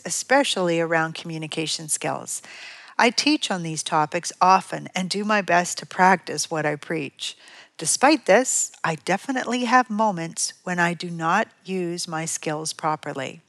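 Measured woman reading with a dry sound. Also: lowish voice, expressive, fairly bright tone, no echo. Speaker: parent educator. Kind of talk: scripted reading of a parenting piece.

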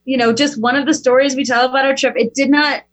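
A middle-aged woman telling a personal story as a guest, animated and talking with big leaps in pitch. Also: fast talker, rough recording. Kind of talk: casual storytelling.

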